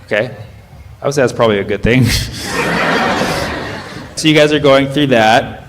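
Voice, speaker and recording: A man in his thirties, a stand-up comedian doing loose crowd work, riffing and firing quick questions at the audience from the stage. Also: mid-range voice, background noise. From United States.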